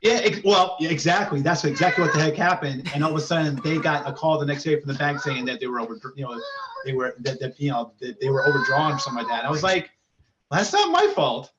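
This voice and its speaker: A man's voice: on the high side, fairly even intonation, fast. A man telling a story and giving earnest advice in a casual group chat. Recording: dull lo-fi sound with clear background noise.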